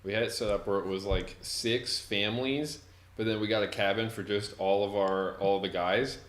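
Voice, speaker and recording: A young man in his twenties, co-hosting a podcast, rambles through a long story in casual conversation, saying "like" constantly. His voice is lowish and steady, at a normal speed.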